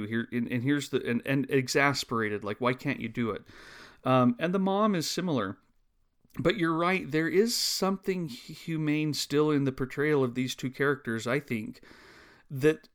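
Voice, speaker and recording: A man co-hosting a casual film discussion, earnest and halting, restarting his sentences often. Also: mid-range voice. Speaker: podcast co-host.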